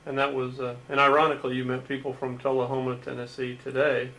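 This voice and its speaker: A man interviewing his father for a home video, asking slow, prompting questions. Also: medium pitch, completely flat delivery, a bit bright, a little hiss or hum, poor audio. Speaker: interviewer, veteran's son.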